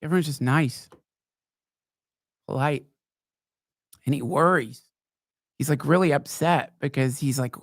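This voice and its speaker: A man hosting a podcast, telling rambling, profane stories in a wry, casual way, now and then jumping into high mocking voices. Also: measured pace, pauses often, no room sound, studio quality. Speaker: podcast host. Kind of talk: casual storytelling monologue. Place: live show.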